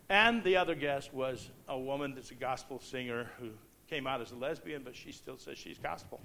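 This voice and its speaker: A man preaching an impassioned sermon, reading scripture slowly and emphatically and swinging from loud proclamation to hushed storytelling. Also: medium pitch, vocal fry.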